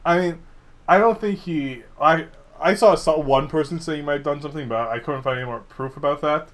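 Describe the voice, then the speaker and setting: A man's voice: fairly high pitch, a little fast. Laid-back male podcast co-host who laughs easily. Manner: laughs often, relaxed and joking. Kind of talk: casual chat.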